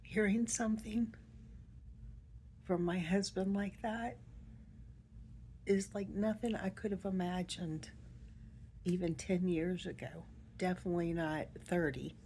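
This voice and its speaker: Middle-aged woman, soft and emotional personal monologue, slow and halting, fairly low mellow voice. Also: steady tone, a little hiss or hum. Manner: soft-spoken, emotional, halting with many pauses. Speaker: vlogger.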